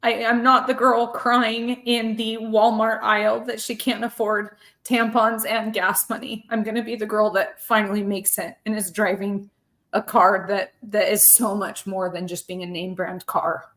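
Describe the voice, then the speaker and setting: A woman's voice: mid-range voice, level tone, moderate pace, fairly bright tone. Emotional woman telling a personal story. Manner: earnest, heartfelt, with frequent word repeats. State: emotional, close to tears. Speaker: podcast guest.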